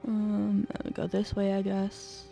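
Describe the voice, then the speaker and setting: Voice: mid-range voice, monotone, unhurried, gravelly, mellow, faint music behind. A streamer giving casual let's-play commentary, thinking aloud and muttering with some offhand swearing.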